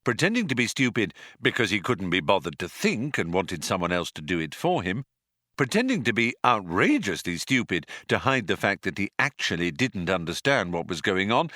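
Wry male audiobook narrator, lively pitch. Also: normal speed, no room sound, studio quality.

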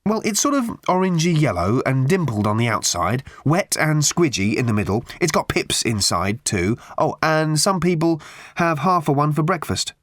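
A man voicing a laid-back male alien drifter who gives offhand, wry answers in a raised, lively voice. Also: a little high, moderate pace, dry recording, clean studio sound, pitched above the performer's own voice.

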